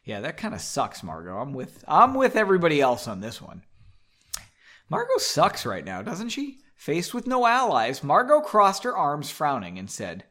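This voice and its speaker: Sipping a drink while reading, a comedy show host in a basement studio works through a melodramatic story and keeps interrupting with sarcastic, mocking remarks. His voice is a little high with a sharp tone, huge pitch swings and normal speed.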